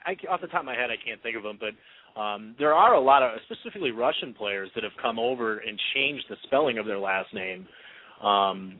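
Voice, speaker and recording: Over a tinny phone line, a man co-hosting a blog podcast rambles through a casual hockey radio chat, hesitating and using many fillers. His medium-pitched voice is very animated and a little fast.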